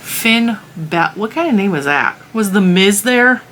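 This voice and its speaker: A woman's voice: medium pitch, animated, a little slow, a bit bright, slight background noise. A woman hosting a vlog, chatting casually and teasingly with her child in a motherly way.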